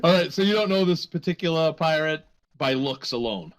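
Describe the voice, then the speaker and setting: A man's voice: a little high, expressive, brisk. A man running a tabletop game as game master, joking crudely and laughing often with his players. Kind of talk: casual tabletop game chat.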